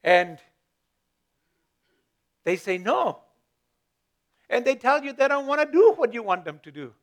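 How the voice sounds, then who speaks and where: A man's voice: very high voice, sing-song, unhurried. A male pastor giving a conversational sermon, often repeating words as he searches for them and lifting his voice for emphasis.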